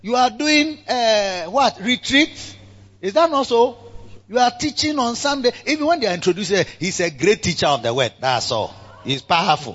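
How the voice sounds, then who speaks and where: A man with a Ghanaian accent preaching a church sermon, swinging between loud exhortation and quiet asides, slipping Twi phrases in among the English. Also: high-pitched, slightly rough, lo-fi sound. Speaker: pastor. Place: church service.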